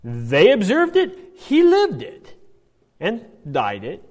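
A man giving a Bible study lecture in an animated way, often checking in with "right?". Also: high-pitched, slow, big-room sound. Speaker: Bible teacher.

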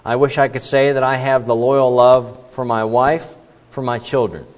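Middle-aged male preacher, mid-pitched, earnest storytelling, dull lo-fi hall recording. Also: steady tone, normal speed. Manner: earnest, with many fillers and illustrations. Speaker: pastor. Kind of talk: sermon.

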